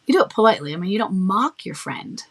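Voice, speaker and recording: A woman's voice: medium pitch, sing-song, fast, slightly rough. A woman coach giving advice in a firm, matter-of-fact way, acting out short bits of dialogue. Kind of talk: advice talk.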